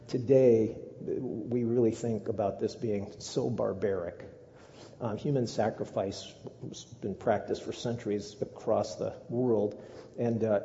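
A man's voice: lowish voice, mellow, slight background noise. A male pastor preaching a sermon in a conversational way with humorous asides, heard as a dull recording with a long echo in a church.

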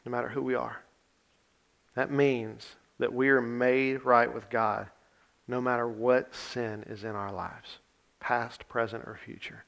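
A man's voice: medium pitch, little pitch movement, a little slow, gravelly, fairly bright tone. A male pastor giving a conversational sermon, reading scripture with emphasis and talking plainly with his congregation.

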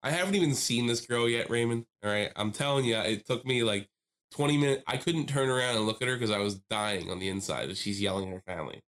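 With a medium-pitched voice and a fast delivery, this male podcast co-host tells an extended story. He brings it to life by impersonating voices and laughing often.

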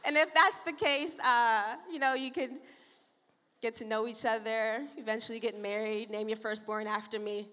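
A woman's voice: fairly high pitch, steady tone, normal speed, a bit bright. A woman pastor in her thirties preaching in a church, playful and chatty, laughing often and acting out the dialogue in her stories. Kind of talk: sermon opening with church announcements and storytelling. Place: large church auditorium with long reverb. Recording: reverberant hall sound.

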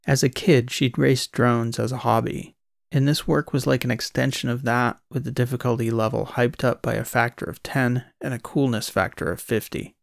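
A man narrating a science fiction audiobook in a steady, scripted storytelling voice. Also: mid-range voice, moderate pace, creaky, no room sound, clean studio sound.

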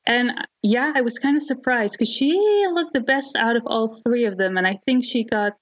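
A woman co-hosting a casual podcast discussion, enthusiastic and quick to laugh. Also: on the high side, dry recording, poor audio. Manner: giggly, enthusiastic, laughs often. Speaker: podcast co-host.

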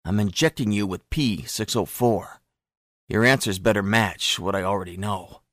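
A man voicing a cold, menacing male intelligence chief who interrogates in a quiet, measured, threatening way. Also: fairly low pitch, dry recording, studio quality, lightly acted. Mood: coldly menacing.

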